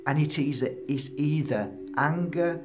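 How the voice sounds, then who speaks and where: A man's voice: fairly high pitch, takes it slowly, background noise. A man, a spiritual healer and teacher, gives a motivational talk with an impassioned, emphatic, preaching delivery. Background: music.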